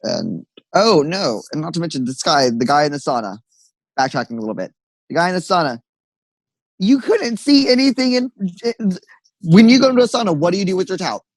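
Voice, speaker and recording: A young man chats on a podcast in an animated storytelling way. He acts out sassy retorts and swears casually. The sound is close and dry, with no room around it. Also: fairly high pitch, fairly quick, no room sound, rough recording. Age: young adult. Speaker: podcast co-host. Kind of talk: casual chat.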